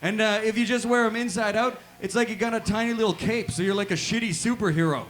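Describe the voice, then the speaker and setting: A man's voice: high-pitched, fast talker, fairly bright tone. A man doing a rambling, awkward stand-up comedy set at a live music venue, padding his jokes with "check it out" and "right?". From Canada.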